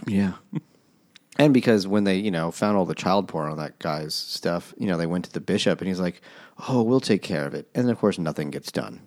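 A man with a very deep voice recaps a novel in a loose, laid-back way. He leans on fillers and keeps the chat casual. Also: moderate pace, a little mellow. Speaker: podcast co-host.

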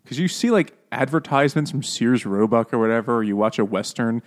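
A man's voice: mid-range voice, brisk. A man chatting casually about a book, joking and swearing, laughing often. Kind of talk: casual book discussion chat.

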